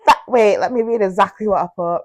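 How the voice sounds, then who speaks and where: A woman with a Manchester accent co-hosts a podcast in easy, casual chat. She laughs often and tells her stories playfully. Her voice sits at a middle pitch for a woman. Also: quick pace, darkish tone. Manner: giggly, playful storytelling. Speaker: podcast co-host.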